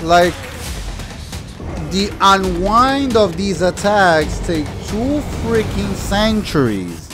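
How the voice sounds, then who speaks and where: A man giving excitable let's play commentary, talking to enemies on screen and exclaiming over the game. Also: high voice, extremely slow. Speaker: gaming YouTuber. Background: game music.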